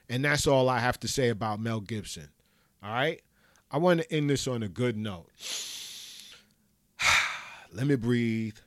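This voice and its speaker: A man's voice: medium pitch, fairly bright tone, no room sound, clean studio sound. A man giving an impassioned, profane solo commentary, talking emphatically and ranting. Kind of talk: impassioned monologue.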